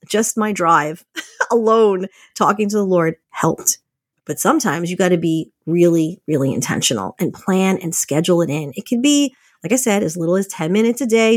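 A woman's voice: mid-range voice, no room sound, clean studio sound. A woman in her thirties hosting a podcast, talking candidly and chattily to listeners and laughing often as she goes. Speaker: podcast host. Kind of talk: casual motivational talk.

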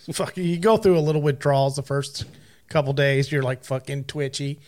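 A man's voice: mid-range voice, moderate pace, darkish tone. A man co-hosting a casual podcast, telling loose stories with a laugh and a fair bit of swearing. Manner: laughing, loose storytelling with profanity. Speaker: podcast co-host. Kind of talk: casual chat.

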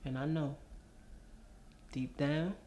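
A man's voice: on the high side, fairly even intonation, darkish tone, slight background noise. An actor playing a grieving young man who scolds his mother in a drama scene. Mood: cold, bitter. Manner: cold and measured, rising to angry.

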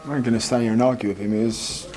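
Boxeur britannique, voix médium, parle vite par moments, interview d'après-combat. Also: male voice, mid-range voice, fairly even intonation, racing, crowd noise. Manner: casual, laughs often, dismissive. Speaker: boxer. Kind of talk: post-fight interview.

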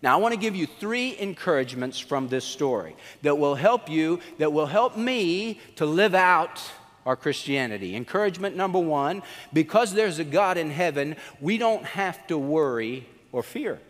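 High-pitched guy preaching, animated storyteller, big echoey church hall. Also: normal speed. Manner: animated storytelling, acts out quotes with swings in pitch. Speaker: pastor. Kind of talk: sermon.

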